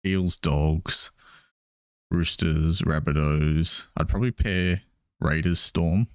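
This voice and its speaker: Pria Australia bersuara rendah, banyak tertawa. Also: male voice, very deep voice, slow, smooth, no echo, clean studio sound. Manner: laughs often, hesitant restarts. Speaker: podcast co-host. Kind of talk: casual sports chat while watching a game.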